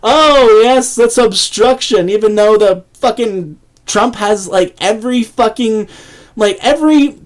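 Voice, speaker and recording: A political commentator ranting angrily and sarcastically, swearing heavily, restarting sentences and laughing mockingly between points. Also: mid-range voice. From Canada. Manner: angry, sarcastic, heavy swearing, frequent restarts. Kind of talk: profane political rant.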